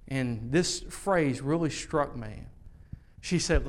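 A man preaching a sermon, slow and earnest, rising loud and high at its peaks. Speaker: pastor.

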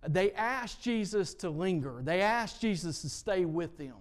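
A man preaching a sermon, retelling stories and building to repeated emphatic lines, his loudness rising and falling. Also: sits high, lively intonation, unhurried.

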